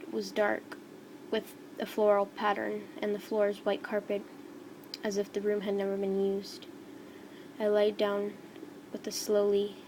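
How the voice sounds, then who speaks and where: A woman reading a first-person fan story aloud in a slow, halting way over a noisy home recording. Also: medium pitch.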